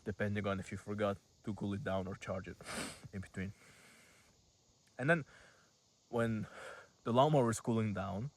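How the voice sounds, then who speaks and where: 18-year-old guy, casual vlog storytelling, rambling, lots of fillers, a bit low-pitched. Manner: rambling, heavy use of "like", casual swearing. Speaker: vlogger.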